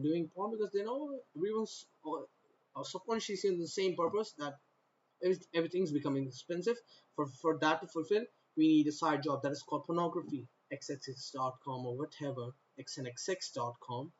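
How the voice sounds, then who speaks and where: A man's voice: on the high side, fairly quick, highs cut off, slight background noise. A man from North India giving a rambling monologue to the camera, often repeating himself and starting sentences over. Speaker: vlogger.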